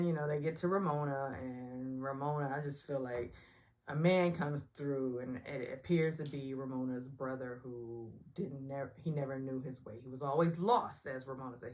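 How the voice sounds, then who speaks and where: Chatty opinionated woman with a lively voice. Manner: chatty and opinionated, acts out quotes in high voices. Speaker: recap vlogger. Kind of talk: casual reality TV recap.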